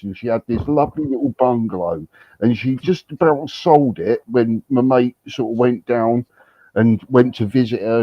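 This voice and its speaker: Animated man telling stories. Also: mid-range voice, no echo, highs cut off. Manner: animated, swearing, frequent restarts. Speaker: livestream host. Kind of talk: casual storytelling chat. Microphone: livestream setup.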